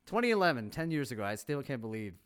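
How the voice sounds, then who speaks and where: A man co-hosting a movie review podcast, chatting casually and laughing often between quick asides. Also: mid-range voice, big pitch swings, a bit bright, smooth. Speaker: podcast co-host.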